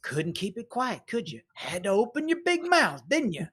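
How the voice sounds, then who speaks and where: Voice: medium pitch, sing-song, moderate pace, over a noisy crowd, voice pushed up, close to an everyday voice. A game master voicing Shell, a weary female station worker with a dry, needling way of talking in a tabletop game. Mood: sardonic.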